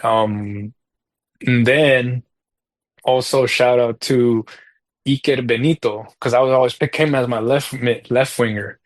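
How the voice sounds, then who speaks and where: A man talking as a podcast guest in a casual chat, rambling through a story with lots of fillers and getting animated over his frustrations. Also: mid-range voice, unhurried, no room sound. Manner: animated when recalling frustrations.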